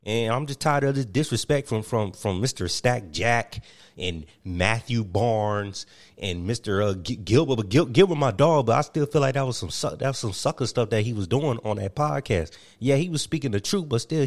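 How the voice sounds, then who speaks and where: A man's voice: mid-range voice, natural voice. A man putting on a comic impression of an aggrieved former basketball player who stammers and repeats himself on a phone call. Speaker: prank caller.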